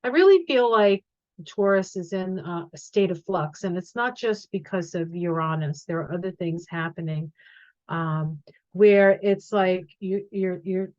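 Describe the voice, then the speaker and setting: A woman's voice: fairly low pitch, measured pace, a little mellow, no echo, muffled recording. A middle-aged woman talking casually through an astrology forecast, thinking aloud with frequent ums and restarts. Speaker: astrology and tarot reader. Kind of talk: casual astrology talk to camera.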